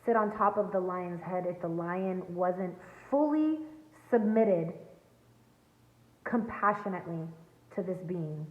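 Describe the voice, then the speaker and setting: A woman's voice: fairly low pitch, takes it slowly. Woman tarot reader, earnest and emphatic, phone-like sound, roomy echo with long reverb. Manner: earnest, emphatic, spiritual coaching tone. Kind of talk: tarot reading to viewers. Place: home, near a backyard. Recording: echoey, tinny phone-like sound.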